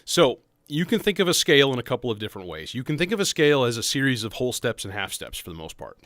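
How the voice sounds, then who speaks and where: A man's voice: mid-range voice, sing-song, quick pace, fairly bright tone, no room sound, clean studio sound. A man hosting a casual livestream about modular synths, rambling and self-interrupting as he talks. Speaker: livestream host. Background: faint synth music.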